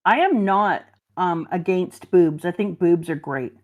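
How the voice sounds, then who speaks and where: Animated woman chatting on a stream. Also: lowish voice, a little slow. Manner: animated, laughs often, acts out quotes. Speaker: stream co-host. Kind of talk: casual chat.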